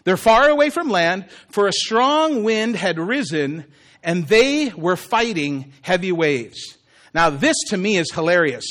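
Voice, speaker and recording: A male pastor preaching a sermon with animated, humorous storytelling. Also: high-pitched, measured pace.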